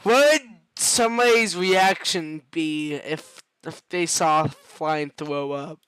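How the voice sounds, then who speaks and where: Giggly slow-talking man, bright dry voice. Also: fairly high pitch, clean tone, dry recording, low-quality recording. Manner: giggly, hesitant, repeats himself when starting a question. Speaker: person chatting with an AI chatbot. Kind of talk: casual chat.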